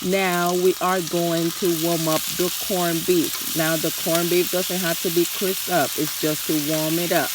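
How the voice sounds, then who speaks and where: A woman's voice: lowish voice, very noisy. A woman from the New Jersey and New York area hosting a casual cooking demonstration in her kitchen, chatty and enthusiastic, talking straight to her viewers while she is losing her voice. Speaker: cooking channel host. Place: home kitchen at the stove.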